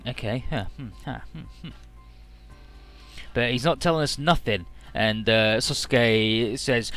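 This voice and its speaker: A man's voice: mid-range voice, measured pace, fairly bright tone, soft background music. A man hosting a let's play, casually retelling game dialogue in a rambling, offhand way.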